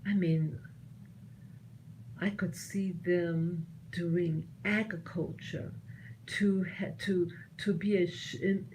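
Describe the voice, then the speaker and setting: A woman speaks slowly and earnestly, her voice mellow and relaxed, pausing to restart her thoughts. A faint hum of ambience sits behind her. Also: fairly low pitch, rough recording. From United States. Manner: earnest, halting, with many restarts. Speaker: vlogger sharing opinions. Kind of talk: personal commentary monologue.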